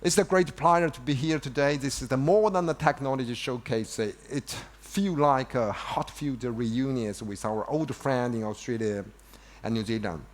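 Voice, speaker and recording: Halting man giving a keynote. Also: medium pitch. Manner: halting, full of restarts and "you know" fillers. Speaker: company executive giving a keynote. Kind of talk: unscripted stage speech. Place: event stage before an audience.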